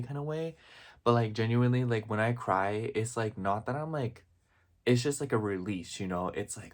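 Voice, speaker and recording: A man's voice: fairly low pitch, normal speed. Gushing, rambling young man. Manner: gushy, rambling, constant "like" fillers. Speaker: vlogger. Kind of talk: comedic vlog parody.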